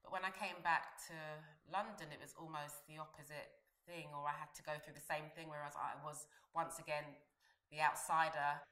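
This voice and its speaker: A woman recalling in an interview her move between Jamaica and London, speaking in a measured, thoughtful way. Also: low voice, flat delivery, bright, forceful tone. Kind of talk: interview recollection. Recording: echoey room.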